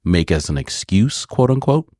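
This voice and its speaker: Podcast co-host, male, low-pitched, lively and profane storyteller, dry room. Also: moderate pace, dry recording. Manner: animated, swears freely, acts out voices in his stories. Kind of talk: casual storytelling chat.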